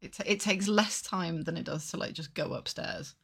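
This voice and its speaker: Female podcast co-host, gravelly and husky, low, insistent chatter. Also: moderate pace, a bit bright. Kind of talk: casual banter.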